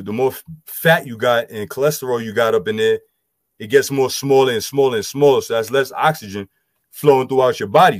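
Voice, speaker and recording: A man's voice: mid-range voice, no room sound. A man, loosely explaining scripture and health to a group with lots of "you know" fillers. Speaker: group discussion speaker. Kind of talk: casual scripture teaching.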